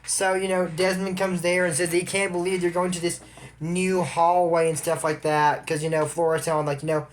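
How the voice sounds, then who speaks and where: A man's voice: on the high side, little pitch movement, moderate pace, a little hiss or hum. A man casually retelling a cartoon episode, rambling with asides and opinions. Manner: chatty, opinionated. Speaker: show recap commentator.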